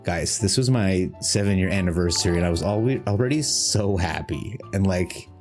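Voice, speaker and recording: A man's voice: deep voice, moderate pace, a little mellow, soft background music. A man from Canada, chatting on a live stream, effusive and jokey as he gushes thanks to his chat.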